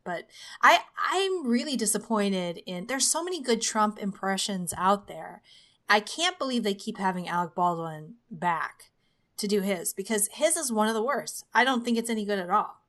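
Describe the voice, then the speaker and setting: A woman's voice: medium pitch, animated, moderate pace, fairly bright tone. A woman hosting a podcast, chatty and laughing easily as she asks her guest questions. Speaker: podcast host. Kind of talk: casual podcast conversation.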